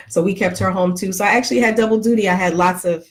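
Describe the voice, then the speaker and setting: A middle-aged woman talks loosely and playfully to her live audience, teasing viewers and stopping to greet them by name. Her voice sits at an ordinary middle pitch for a woman. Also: steady tone, brisk. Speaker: vlogger. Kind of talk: casual chat to live viewers.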